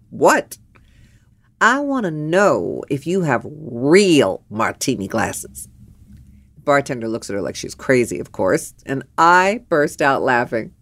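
An older woman telling a personal story in a lively storytelling monologue, acting out the other people's lines with big jumps in her voice. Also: dry recording. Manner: animated, acts out quotes with big pitch jumps.

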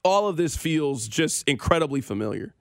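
A man's voice: a little high, expressive, moderate pace, no echo. A man hosting a sports radio show, ranting with opinions and dry sarcasm.

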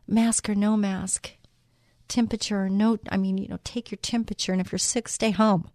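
A middle-aged woman host with a warm, mellow voice gives an earnest faith-based radio talk. She speaks straight to her listeners and asks them pointed questions. Her voice is close and dry, with little room sound. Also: medium pitch, little pitch movement, moderate pace, no echo.

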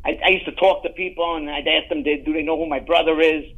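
A middle-aged man with a notably high voice tells long, rambling stories in a relaxed interview. He stumbles over restarts and piles on asides. The sound is dull and muffled, like a lo-fi line. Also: fast talker. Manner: animated, rambling anecdotes with frequent restarts. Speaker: guest, actor. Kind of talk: casual storytelling interview.

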